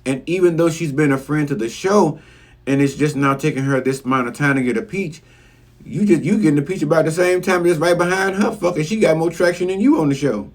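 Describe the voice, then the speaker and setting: A man's voice: fairly high pitch, brisk. A man giving a casual, profane recap of a reality show episode, scolding the cast bluntly. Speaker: reality TV commentator.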